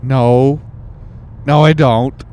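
A man with a New Zealand accent hosting a podcast, bantering casually and haltingly with many fillers. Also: medium pitch, steady tone, darkish tone, slight background noise. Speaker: podcast host.

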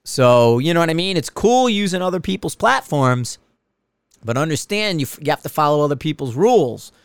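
A man's voice: a little high, very animated, brisk, smooth, no room sound, studio quality. A middle-aged man hosting a podcast, talking in a rambling, profane, stop-start casual monologue. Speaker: podcast host.

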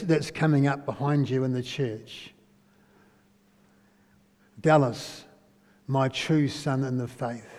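A preacher with a fairly high, mellow voice delivers a conversational sermon, frequently posing questions to listeners and ending lines with "eh?". The recording has a long hall reverb.

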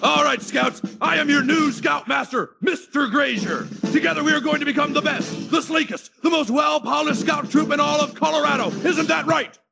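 A gravelly, shrill cartoon scoutmaster. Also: male voice, normal speed, hardly any pauses, pushed and bright, soft background music, heavily acted. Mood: barking orders. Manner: barking drill-sergeant commands. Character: stern, creepy adult male scoutmaster, cartoon. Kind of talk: cartoon voice acting.

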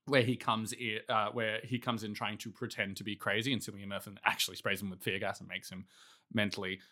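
A man co-hosting a casual film podcast, wry and quick to laugh, slowing down for effect. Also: lowish voice, level tone, bright, forceful tone. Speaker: podcast co-host.

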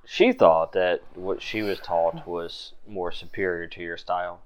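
A man running a tabletop game as game master, narrating calmly and explaining. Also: low voice, unhurried, muffled recording, slight background noise.

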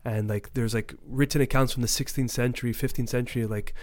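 A man's voice: medium pitch, a little fast. Young man telling stories animatedly. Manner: animated storytelling, swears casually. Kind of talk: casual chat.

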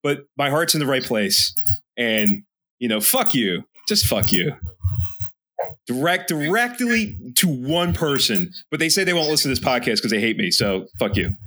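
A man with a Philadelphia accent rants loudly and profanely while co-hosting a casual podcast. His voice is bright and pushed forward. His pitch swings widely as he gets worked up. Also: big pitch swings, moderate pace. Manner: loud, profane, ranting. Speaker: podcast co-host; teacher. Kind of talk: casual chat.

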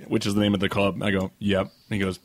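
A man's voice: on the low side, flat delivery, quick pace, slight background noise. A young man on a podcast, telling a long anecdote in casual chat, swearing freely and acting out what people said. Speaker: podcast co-host.

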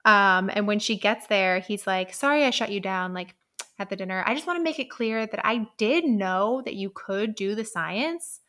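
A woman on a podcast sums up a novel in chatty, sarcastic talk. Her tone is bright and forward, and she mocks the characters as she goes. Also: mid-range voice, moderate pace. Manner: chatty and sarcastic, laughs often. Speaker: podcast co-host. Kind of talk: casual book recap chat.

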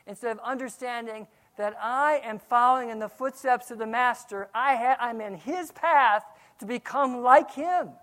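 Man preaching an animated sermon. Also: extremely high pitch. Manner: animated preaching, swings from quiet to loud. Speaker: pastor.

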